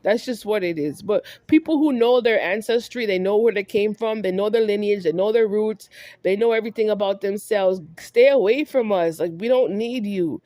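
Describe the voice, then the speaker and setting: A woman's voice: mid-range voice, moderate pace, mellow, no room sound, studio quality. A woman vlogger delivering a heated monologue, scolding someone directly and repeating herself for emphasis.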